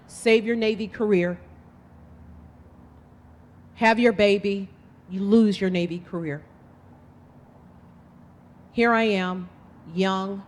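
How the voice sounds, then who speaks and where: Woman candidate, slow and emphatic, impassioned speech in a reverberant hall. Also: medium pitch. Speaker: political candidate. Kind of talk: campaign speech. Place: event hall.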